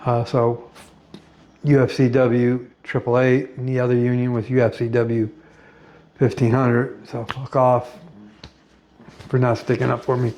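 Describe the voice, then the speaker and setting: A middle-aged American man in a rambling personal monologue, blunt and profane, pausing often with fillers. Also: mid-range voice, flat delivery, darkish tone, slight background noise. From United States. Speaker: vlogger.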